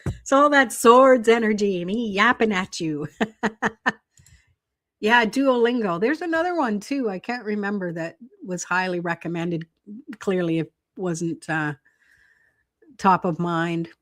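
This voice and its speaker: A woman's voice: medium pitch, unhurried, long pauses, a bit bright. A middle-aged woman hosting a tarot live stream, chatting casually, laughing often and reading viewer comments aloud.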